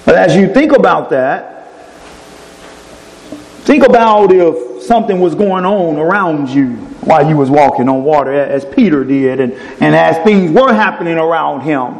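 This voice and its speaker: A man preaching a sermon, emphatic, climbing sharply in pitch on key phrases. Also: lively intonation, normal speed, vocal fry, a little mellow. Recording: echoey hall with long reverb.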